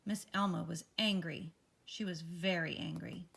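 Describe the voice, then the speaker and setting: A woman reading a children's picture book aloud, expressive and lively. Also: lowish voice, unhurried, creaky, husky. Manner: expressive, lively character voices. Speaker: read-aloud storyteller.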